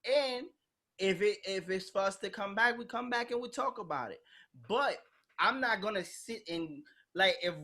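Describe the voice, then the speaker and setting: A woman's voice: medium pitch, normal speed, fairly bright tone. A woman hosting a podcast in casual chat, talking bluntly and animatedly, acting out quoted voices and swearing freely. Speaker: podcast host.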